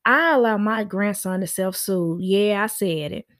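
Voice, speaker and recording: A woman's voice: mid-range voice, measured pace, a bit bright, dry recording, clean studio sound. A middle-aged woman, a nanny hosting a parenting show, giving casual, sassy advice and acting out the people she quotes.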